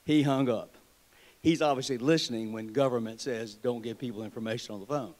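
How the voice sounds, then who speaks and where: A man's voice: medium pitch, brisk, darkish tone. Folksy Southern man giving a speech. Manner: folksy, wry, joking. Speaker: state treasurer giving a convention speech. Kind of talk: political speech with folksy storytelling. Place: convention hall.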